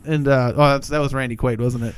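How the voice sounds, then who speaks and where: A man's voice: mid-range voice, fairly even intonation, fast talker, clear, resonant tone. A man co-hosting a casual movie review podcast, rambling and profane, slipping into silly voices for the characters. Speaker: podcast co-host.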